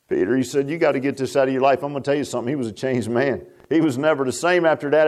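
A man preaching a fervent sermon. He climbs high and loud, then drops low and quiet, and repeats his words as he goes. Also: rapid-fire, few pauses.

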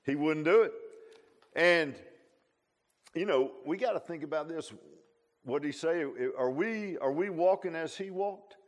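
A male pastor delivering a sermon with a fairly high-pitched voice. He talks in a homespun, conversational manner, and he keeps circling back with emphatic asides and repeated phrases. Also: unhurried. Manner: repeats himself and restarts often.

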